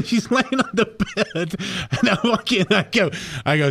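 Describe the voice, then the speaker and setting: A man's voice: sits high, lively intonation, unhurried, a bit bright. A man hosting a radio show who tells a story casually and animatedly, laughing and acting out other voices.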